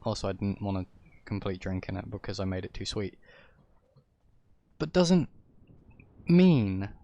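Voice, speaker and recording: A man's voice: lowish voice, very animated, unhurried, creaky, dark tone, dull audio. A man from England with an English accent, rambling through an opinionated livestream rant and correcting himself as he goes. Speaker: streamer. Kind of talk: casual ranting livestream talk.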